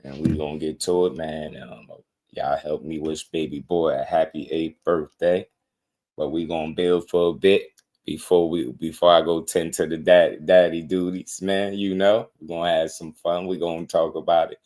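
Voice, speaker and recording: A man hosting a casual boxing livestream, slangy and excitable, laughing often as he talks to his chat. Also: very deep voice, moderate pace.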